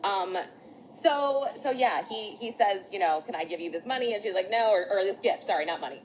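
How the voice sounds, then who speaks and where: A woman's voice: medium pitch, expressive, fairly quick, slight background noise, rough recording. A woman giving a casual spoken recap outdoors in the sun, chatty and full of fillers and restarts, apologizing for her slips. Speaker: vlogger recapping court testimony.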